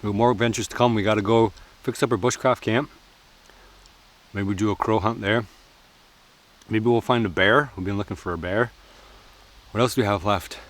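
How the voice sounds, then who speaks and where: A man's voice: on the low side, steady tone, normal speed, long pauses. A man chatting casually while cooking at an outdoor forest camp, joking and laughing often.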